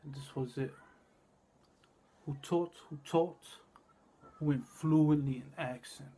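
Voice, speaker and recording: A man delivering a rambling, cryptic monologue, repeating words and drifting between low murmurs and loud bursts. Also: fairly even intonation, takes it slowly, slight background noise.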